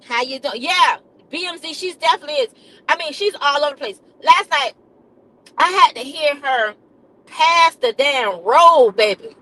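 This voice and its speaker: A woman's voice: high voice, expressive, moderate pace, sharp tone, rough recording. A woman live streamer, a nurse, telling a comic story to her chat in a dramatic, repetitive way, calling listeners baby and honey.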